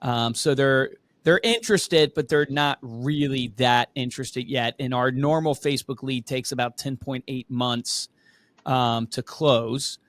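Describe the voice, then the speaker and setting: A man's voice: mid-range voice, a little slow, fairly bright tone, no echo. Direct coaching man, dry close sound. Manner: direct, coaching, says "right?" often. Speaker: podcast host. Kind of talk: coaching advice on a call-in show.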